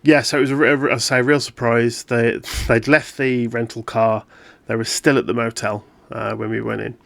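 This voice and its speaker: A cool female field agent gives a flat, matter-of-fact report, as a man voices her. The delivery is halting and level, at an ordinary middle pitch. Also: gravelly, dry recording. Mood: flat debrief. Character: composed female field agent, cold debriefing.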